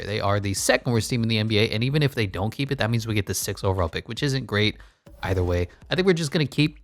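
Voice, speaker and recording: With a lowish voice and no room sound, this male gaming YouTuber runs through a basketball management game. His commentary is offhand and blunt, peppered with wry remarks.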